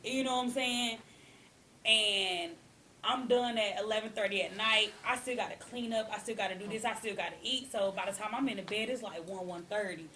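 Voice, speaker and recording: A woman's voice: mid-range voice, fairly quick, pushed and bright, slight background noise. A young adult woman, a hairstylist, talking candidly in a casual interview and often adding "you know what I'm saying". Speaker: hairstylist and guest.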